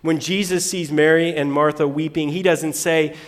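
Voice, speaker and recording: A man preaching a sermon, reading scripture aloud and swinging between loud bursts and hushed lines. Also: fairly high pitch, fairly even intonation, moderate pace, big-room sound. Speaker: pastor.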